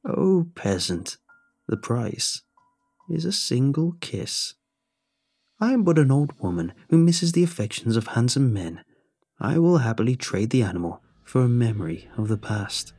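A man voicing a cruel old hag woman who creaks and rasps, mock-gentle and cackling. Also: mid-range voice, big pitch swings, a little slow, soft background music, exaggerated voice. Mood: bargaining. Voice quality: creaking, rasping.

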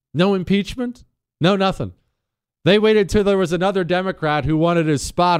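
Animated male talk radio host. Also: a little high. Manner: animated, emphatic, jokey. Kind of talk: opinionated talk radio with ad reads.

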